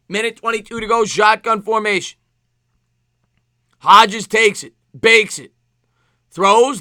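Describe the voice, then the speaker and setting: A man with a New York accent streaming live play-by-play football commentary, excitable, with rhyming calls and thanks to chat viewers. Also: sits high, no echo, clean studio sound. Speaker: sports streamer.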